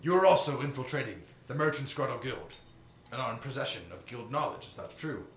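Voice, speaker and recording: A man's voice: mid-range voice, animated, brisk, voice pushed up, close to an everyday voice. A man playing a commanding admiral, formal and declaiming, roomy sound, faint noise. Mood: stern. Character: stern male admiral presiding over a trial. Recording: roomy live stream audio.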